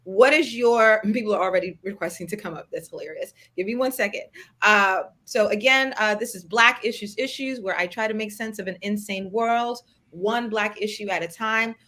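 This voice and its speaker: A woman's voice: mid-range voice, moderate pace. A woman hosting a live interview, casual and affirming, fond of playful wordplay. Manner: affirming, steady 'mm-hmm's and wordplay. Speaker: host.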